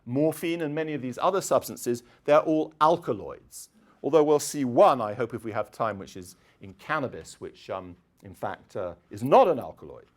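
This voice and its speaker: Middle-aged guy lecturing in a hall, chatty, keeps clearing his throat, voice bounces up and down a lot. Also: mid-range voice, expressive, moderate pace. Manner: chatty, digressive, frequent throat clearing and fillers. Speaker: university lecturer. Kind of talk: public lecture.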